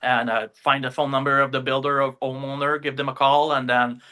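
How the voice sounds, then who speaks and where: A man's voice: medium pitch, flat delivery, a little fast, pushed and bright. A man with a French accent, a native French speaker, telling his story as a podcast guest in a rambling way, full of fillers and tag questions. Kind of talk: casual interview storytelling.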